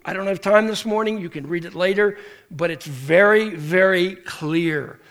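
This pastor's sermon leans on animated stories where he voices the characters himself, with frequent restarts along the way. He has a high-pitched voice and keeps a moderate pace.

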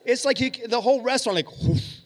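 Animated middle-aged male pastor preaching. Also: fairly high pitch, moderate pace. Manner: animated storyteller, acts out dialogue, swings loud and hushed. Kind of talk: sermon with storytelling. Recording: reverberant hall.

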